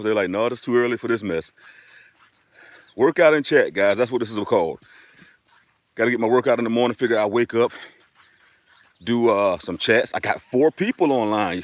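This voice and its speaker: A man with a mid-range voice and no room sound hosts a casual outdoor live stream. Walking along a dirt road, he chats upbeat and directly with his viewers.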